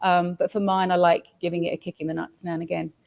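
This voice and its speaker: A woman's voice: on the low side, flat delivery, fast talker, vocal fry, darkish tone. A woman guest in a casual interview, talking in a blunt, cheeky and determined way.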